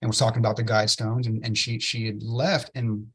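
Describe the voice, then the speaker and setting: A man, an interview guest telling a story with excitement and many "right?" tag questions. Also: fairly low pitch, brisk, husky. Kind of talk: enthusiastic storytelling in a podcast interview.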